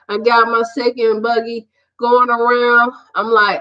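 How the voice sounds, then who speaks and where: A woman, a podcast host and prophetess, telling a personal testimony in an emphatic, animated way and laughing through it. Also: on the high side, measured pace. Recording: muffled lo-fi audio.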